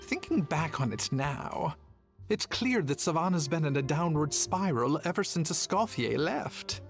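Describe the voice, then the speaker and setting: A man voicing a game character who reflects slowly, with a slightly higher voice. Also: expressive. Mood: reflective. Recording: game audio with music.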